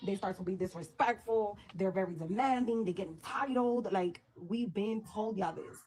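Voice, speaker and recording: A woman's voice: medium pitch, darkish tone. A woman from the Dominican Republic ranting in a social media clip, blunt and profane. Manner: blunt, profane, fast-talking.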